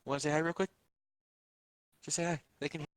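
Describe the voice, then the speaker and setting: A man's voice: a little high, level tone, fast talker, clean tone, no echo. A man playing a tabletop game, laid-back with dry jokes. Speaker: player.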